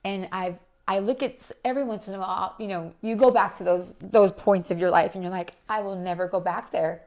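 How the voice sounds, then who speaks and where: A middle-aged woman, a podcast guest, talking in a reflective and halting way. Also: mid-range voice, steady tone, darkish tone. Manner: reflective, halting, restarts often. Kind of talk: casual chat.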